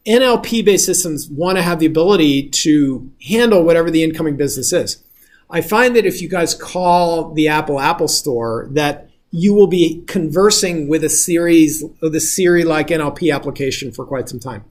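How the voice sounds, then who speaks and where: A man's voice: a little high, normal speed. A male instructor giving a casual lecture, explaining step by step and often checking if the class follows.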